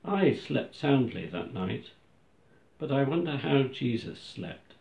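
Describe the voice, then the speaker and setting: A man reading a scripted first-person reflection at a church service, slow and solemn. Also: mid-range voice, lively intonation, vocal fry, a little mellow. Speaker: church reader. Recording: echoey, dull lo-fi room recording.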